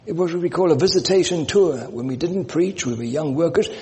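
A man in his seventies preaching a storytelling sermon, reading scripture slowly and with emphasis. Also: on the high side, animated, a little mellow. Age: 70s. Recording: long reverb, faint noise.

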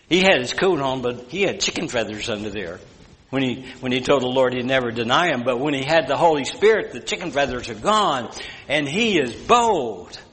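A man's voice: mid-range voice, fairly bright tone. A man preaching a sermon in a folksy, rambling way, telling a story with many asides. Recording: long hall reverb.

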